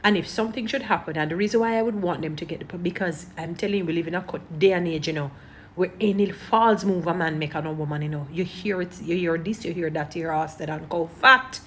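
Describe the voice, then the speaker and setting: Jamaican woman commentator, lowish voice, preachy and emphatic, light background hiss. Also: fast talker, fairly bright tone. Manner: emphatic, preachy, repeats points. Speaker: online commentator. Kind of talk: casual commentary to camera.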